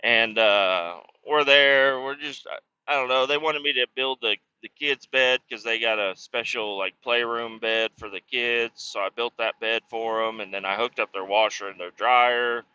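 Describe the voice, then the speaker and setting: This thirty-something man has a medium-pitched voice with a pushed, bright, clean tone, speaking at a moderate pace. He's laid-back while playing a trucking game on stream, chatting and spinning rambling stories full of profanity. The recording is dry, from a slightly muffled mic.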